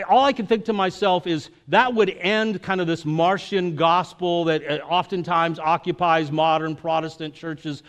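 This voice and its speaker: A male preacher giving a sermon in a casual, conversational way, with jokes and filler words. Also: a little high.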